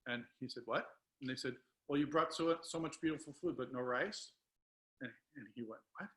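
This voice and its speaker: A man's voice: mid-range voice, normal speed, fairly bright tone, rough recording. A man speaking as a guest on a video call, telling a spiritual story with emotion. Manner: emotional, tearful at times.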